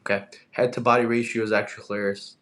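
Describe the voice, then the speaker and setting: A young man from Russia, a fitness streamer reading live chat, animated and quick to get annoyed at spammers. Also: lowish voice. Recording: echoey room.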